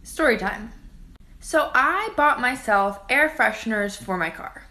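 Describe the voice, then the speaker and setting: A woman's voice: fairly high pitch, lively intonation, a little slow, sharp tone. A woman telling a casual story in a chatty way to her phone camera.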